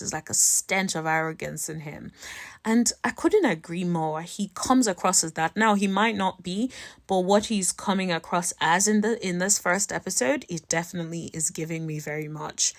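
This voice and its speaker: A woman giving casual, sassy recap commentary on a reality dating show, animated and fond of calling people "honey". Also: fairly low pitch, moderate pace, no echo, studio quality.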